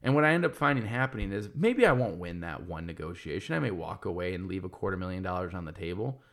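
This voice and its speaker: A man's voice: deep voice, lively intonation, fast talker, a bit bright. A man in his thirties talking casually and candidly, swearing freely and restarting his sentences as he thinks aloud. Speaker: podcast host and business owner. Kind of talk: casual monologue.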